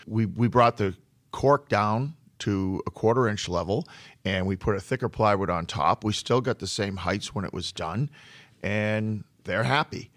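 A man who runs a flooring business tells work stories in a relaxed conversation, often repeating a word while he gathers his thoughts. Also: fairly low pitch, no echo. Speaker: flooring contractor. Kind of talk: storytelling in a podcast conversation.

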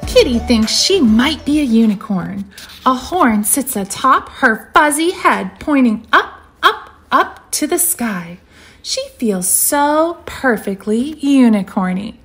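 A woman dance teacher reading a storybook aloud to children, animated and talking to them directly. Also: on the high side, takes it slowly. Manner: animated, addresses kids directly.

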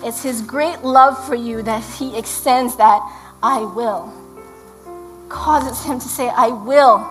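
High-voiced woman preaching a sermon. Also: soft background music, rough recording. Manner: earnest, slows for scripture, prays softly. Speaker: pastor's wife preaching.

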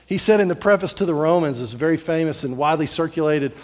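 A man's voice: a little high, fast talker. Man preaching in a reverberant hall. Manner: animated, repetitive storytelling, acts out voices. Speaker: pastor. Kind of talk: sermon.

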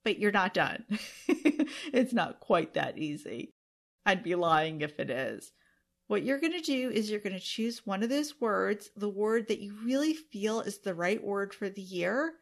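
Emotional, earnest woman podcaster. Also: mid-range voice. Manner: emotional, earnest, tearful at times. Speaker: podcast host. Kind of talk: solo podcast monologue.

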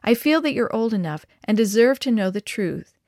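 A woman voicing a hospital doctor who speaks slowly, soberly and frankly. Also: on the high side, expressive, a little mellow, no echo, studio quality.

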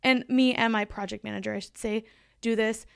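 A woman's voice: fairly high pitch, steady tone, fairly quick, creaky, smooth, dry recording, clean studio sound. A woman hosting her own podcast in a chatty, emphatic solo monologue, laughing easily as she talks. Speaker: podcast host.

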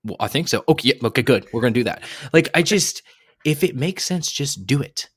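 A man co-hosting a sports podcast, ranting with exasperation and plenty of swearing. His pitch swings widely as he talks. The sound is dry and close. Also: a little fast, breathy edge, no room sound. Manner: animated, exasperated, profane ranting. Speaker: podcast co-host. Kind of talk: casual sports podcast rant.

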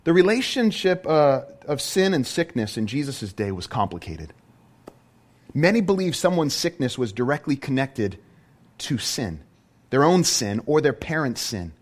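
A man preaching a sermon as a pastor, animated and full of rhetorical questions. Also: medium pitch, normal speed.

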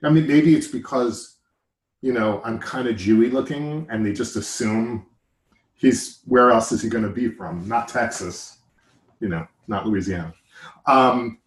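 A man's voice: mid-range voice, animated, moderate pace. Wry New York man in a roomy space. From Long Island, New York. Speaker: actor. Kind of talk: casual chat. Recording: echoey room.

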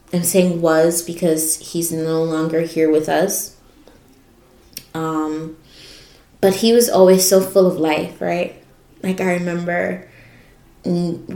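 A young woman hosting a podcast delivers a personal, reflective monologue about her life in a low, slightly mellow voice. The sound is roomy, and her emotional voice wavers and cracks.

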